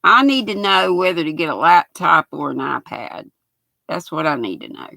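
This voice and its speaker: An older woman in her sixties with a raspy voice and a Southern US accent, chatting casually on a knitting livestream and reading viewer comments aloud in a folksy way. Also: sits low, expressive, moderate pace, bright, forceful tone, no echo. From United States. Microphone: built-in laptop mic.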